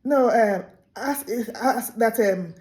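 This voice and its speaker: A woman voicing a sly small male tortoise who wheedles and quickly denies what he said. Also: a little high, darkish tone. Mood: wheedling.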